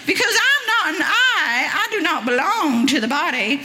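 A woman voicing a talking ear with a high, whiny, drawling American Southern accent. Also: sing-song, normal speed, sharp tone, long reverb tail, heavily acted. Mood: protesting. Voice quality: squeaky and high-pitched.

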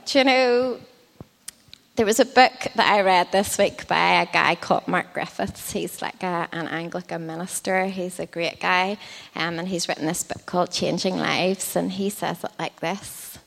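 A woman's voice: on the low side, fairly even intonation, moderate pace, vocal fry, fairly bright tone. A woman preaching a sermon in a conversational way, with frequent ums and likes. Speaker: children's ministry leader preaching. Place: church hall. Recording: long church hall reverb.

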